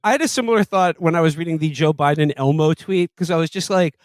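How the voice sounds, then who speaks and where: A man with a notably high voice co-hosting a comedy podcast. He reads long passages aloud with wry, deadpan amusement. The mic is close and dry. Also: fast talker, few pauses, dry recording. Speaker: podcast co-host. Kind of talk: casual comedic chat, reading quotes aloud.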